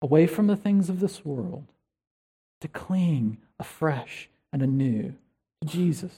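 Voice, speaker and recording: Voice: medium pitch, animated, takes it slowly, dark tone, slightly rough. A pastor preaching a sermon in an earnest, conversational way, often asking the listeners questions.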